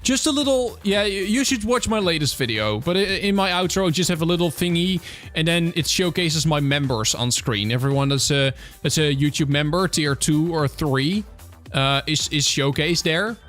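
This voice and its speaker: A man from the Netherlands streams casually, his Dutch-accented voice a little high and fairly bright at a normal pace. Soft music plays underneath as he fields viewer questions with many fillers and restarts.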